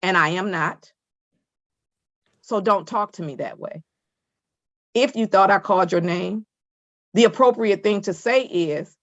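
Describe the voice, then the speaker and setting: A woman's voice: medium pitch, unhurried, pauses often, dry recording, muffled recording. A woman judge sternly lecturing from the bench over a video call, firm and scolding.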